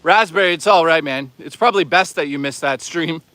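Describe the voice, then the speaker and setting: A man's voice: a little high, a little fast, pushed and bright, no echo. Chatty man streaming from a hike. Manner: rambling, profane, chatty with viewers. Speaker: livestream host. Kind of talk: casual livestream chat. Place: outdoors on a hike.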